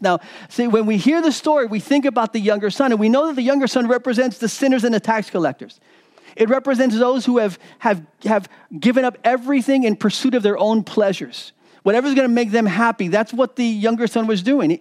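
A man with a notably high voice delivers a sermon as pastor. He preaches in an animated way, doubling up on words and acting out the lines of the people in the story he retells.

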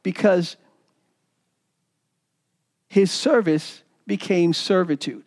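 High-voiced man preaching a sermon. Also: very slow, a little mellow. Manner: preaching with repetitions, acting out quoted voices. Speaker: pastor.

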